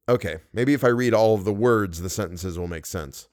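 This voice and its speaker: A man's voice: fairly low pitch, fairly quick, few pauses, no echo, clean studio sound. A man reading a story aloud for his podcast, stopping to grumble at his own slips. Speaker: podcast host and reader.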